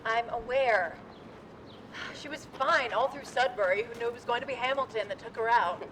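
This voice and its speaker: A woman's voice: fairly high pitch, normal speed, fairly bright tone, a little hiss or hum, close to an everyday voice, low-quality recording. An actress playing a sleepy, tardy 1920s chorus girl in live street theatre, curt and grumbling. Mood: grumpy. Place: outdoors on a street.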